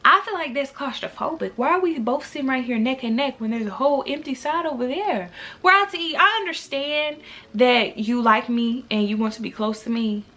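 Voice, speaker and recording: A young woman telling a storytime to her viewers in a casual, animated, exasperated way. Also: high voice, brisk. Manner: animated, talks to viewers directly; exasperated, incredulous. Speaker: vlogger.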